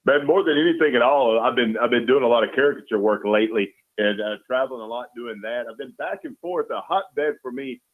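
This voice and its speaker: A relaxed, earnest man chatting as a call-in guest and saying "man" often. His voice is pitched mid-range and comes through a thin, tinny phone line. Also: a little fast, few pauses. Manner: easygoing, earnest, frequent "man". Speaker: guest, caricature artist. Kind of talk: casual chat.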